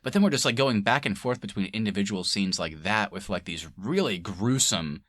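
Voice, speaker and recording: A young man co-hosting a podcast, chatting casually about movies, laughing often and mimicking characters in a high voice. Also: expressive, fairly quick, fairly bright tone, no echo, clean studio sound. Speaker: podcast co-host. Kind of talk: casual movie review chat.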